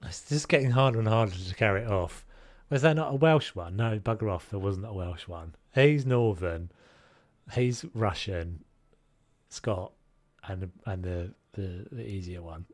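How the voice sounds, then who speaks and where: A man's voice: on the low side, unhurried. A man with a Scottish accent, chatting casually and joking at himself while live-streaming a game. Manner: joking, self-mocking, swears mildly.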